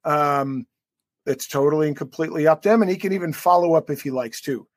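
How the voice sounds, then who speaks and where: A man with a high, bright-pitched voice co-hosts a casual sports podcast, chatting freely and stringing thoughts together with lots of fillers. The sound is very dry and close, with no room around it. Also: fast, no echo. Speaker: podcast co-host. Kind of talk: casual interview banter.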